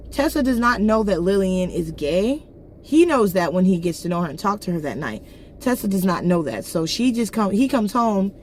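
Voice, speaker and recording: A woman casually retelling a novel's plot, slangy and blunt, jumping into characters' lines with quick voice changes. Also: lowish voice, a little hiss or hum. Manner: animated, acts out characters' lines in quick voice shifts; slangy, blunt asides and swearing. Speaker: book reviewer.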